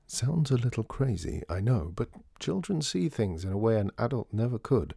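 A man voicing a charming, smooth-talking showman in a storybook reading, theatrical and persuasive. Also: medium pitch, big pitch swings, moderate pace, warm tone, dry recording, studio quality, exaggerated voice. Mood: conspiratorial.

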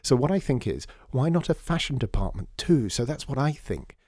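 A man's voice: medium pitch, very animated, moderate pace, a little mellow, slightly rough, dry recording, studio quality, voice pushed up. A man doing a rambling, gushing young fashion student woman.

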